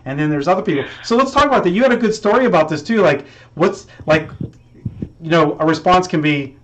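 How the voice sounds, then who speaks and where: A man hosting a podcast interview, talking in a lively, chatty way and often restarting his sentences. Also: a little high, fairly quick. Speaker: podcast host. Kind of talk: casual interview talk. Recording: dull lo-fi sound.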